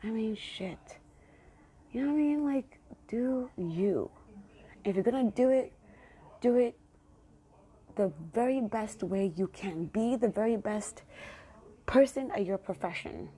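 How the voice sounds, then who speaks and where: A woman with a slightly high, husky, warm voice speaks expressively at a measured pace, pausing often. It's a casual solo podcast where, as host, she encourages her listeners with affectionate pep talk.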